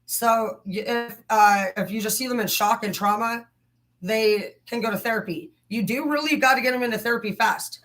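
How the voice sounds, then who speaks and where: Bright, profane woman ranting on a livestream. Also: fairly high pitch, moderate pace, rough recording. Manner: profane, heated, rambling. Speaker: livestream host. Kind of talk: casual livestream rant.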